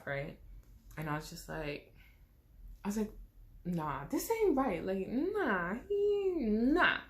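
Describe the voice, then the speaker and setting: A young woman with a somewhat low voice tells a personal story to camera. She talks casually and expressively, full of slang. The delivery is animated, like a chat with a friend. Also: creaky. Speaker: vlogger.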